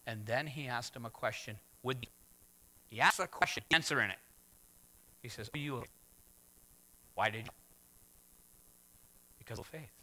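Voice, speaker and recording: A man preaching a sermon as pastor, swinging from hushed words to loud exclamations. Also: medium pitch, moderate pace, pauses often. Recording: long hall reverb.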